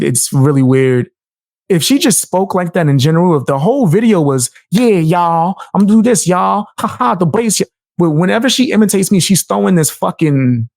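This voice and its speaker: Animated, profane, gravelly-voiced man. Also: sits high, no room sound, studio quality. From United States. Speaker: streamer reacting to a video. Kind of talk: live stream reaction commentary.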